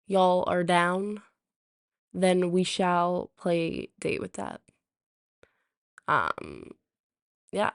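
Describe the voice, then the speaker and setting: A woman's voice: lowish voice, lively intonation, drawn-out words, vocal fry, pauses often, clean tone, dry recording, studio quality. A woman streamer chatting casually on a live stream, rambling with lots of ums, her throat sore and a little rusty. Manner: rambling, full of ums and restarts. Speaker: live streamer reading chat.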